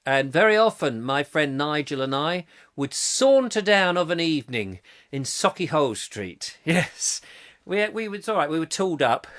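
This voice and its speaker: Brief: middle-aged male host, animated swooping delivery, bright forceful tone, rambling and playful. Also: on the high side. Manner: playful, rambling, quick to slip into silly voices. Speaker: chat show host. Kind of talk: live comic chat show, reading viewer comments.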